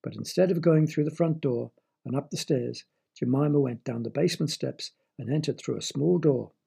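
A man narrating a short story in a measured, expressive storybook reading. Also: medium pitch, gravelly, husky.

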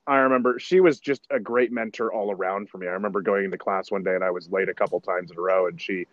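A man, a stage actor, chatting as a podcast guest and telling stories in an animated way, often correcting himself as he goes. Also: sits low, fast talker, no echo, highs cut off. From United States. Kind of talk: casual podcast conversation.

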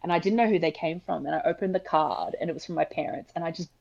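A woman's voice: fairly low pitch, fast, creaky, muffled recording, a crowd in the background. A young woman who works as an emergency nurse, chatting casually and filling her talk with likes and ums. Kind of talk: casual podcast chat.

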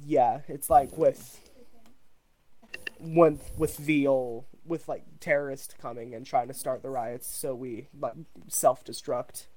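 A man's voice: mid-range voice, steady tone, takes it slowly, dark tone. Rambling young male podcast host. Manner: loose, rambling, lots of fillers. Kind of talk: casual gaming podcast chat.

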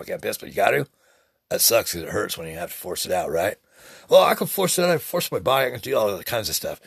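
Guy in his 60s rambling and cussing about god and dreams, deep husky voice. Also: no echo, studio quality. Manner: rambling, preachy and profane. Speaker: podcast host. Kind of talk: spiritual motivational monologue.

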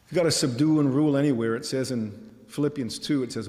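Male pastor, mid-pitched, impassioned sermon delivery, hard repetition, echoing sanctuary. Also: quick pace, darkish tone. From Michigan, USA. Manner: impassioned, rhetorical questions, repeats key phrases. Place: church sanctuary. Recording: reverberant church hall.

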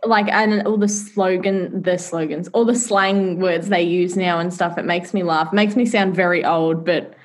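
A woman's voice: on the low side, fairly even intonation, normal speed, hardly any pauses. Chatty young woman, laughing. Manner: chatty, laughs often, mimics family in quoted voices. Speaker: podcast co-host. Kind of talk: casual chat.

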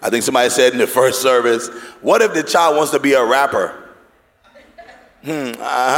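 A man moderating a church panel discussion, animated and joking, with an audience listening. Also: medium pitch, moderate pace, long pauses, big-room sound. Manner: animated, joking, mimics accents for laughs.

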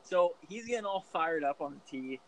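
Give me a man with a slightly high voice telling a rambling, profane story. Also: animated, moderate pace, over a noisy crowd, low-quality recording. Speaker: podcast co-host. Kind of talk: casual chat.

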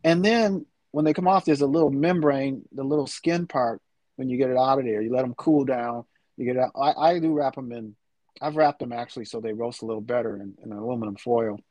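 A man's voice: medium pitch, a little fast, a little mellow, dry recording. A middle-aged man in a casual chat, talking with rambling enthusiasm. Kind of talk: casual chat about food.

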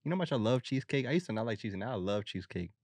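A young man co-hosting a podcast in casual chat, slangy and quick to laugh. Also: mid-range voice, animated, darkish tone, dry recording. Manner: slangy, laughs often, acts out quick voices. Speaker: podcast co-host.

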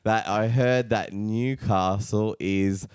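A man hosts a casual sports podcast with a fairly low voice. He tells rambling stories and breaks into laughter as he goes. The sound is close and dry, with no room around it. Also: steady tone, slow pace, smooth, no room sound. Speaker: podcast host.

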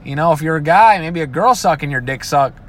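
A man's voice: on the high side, expressive, a little fast, slight background noise. A man ranting casually and profanely, often breaking into mocking imitations of other people. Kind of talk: casual rant.

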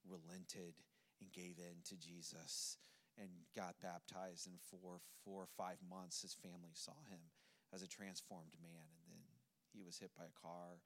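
Male pastor, very deep and monotone voice, earnest and measured. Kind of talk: sermon with a personal story.

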